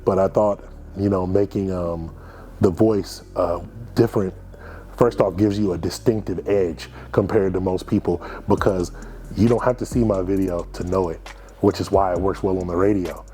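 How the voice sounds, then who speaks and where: A man in his thirties from Kansas City, telling stories in a casual interview, chatty and animated, with lots of fillers and restarts. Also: low-pitched, normal speed. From Kansas City, USA. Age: 30s. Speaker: food reviewer being interviewed.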